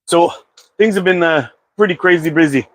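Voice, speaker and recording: A man's voice: a little high, moderate pace, a bit bright, dry recording. A man hosting a casual live-stream chat about slingshots, talking in a laid-back, rambling way with lots of "uh" fillers. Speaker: slingshot channel host. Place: at home.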